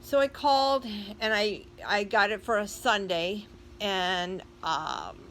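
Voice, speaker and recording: A woman's voice: mid-range voice, slow, a bit bright, slight background noise, low-quality recording. An older woman vlogger telling a story casually and chattily, speaking straight to her viewers.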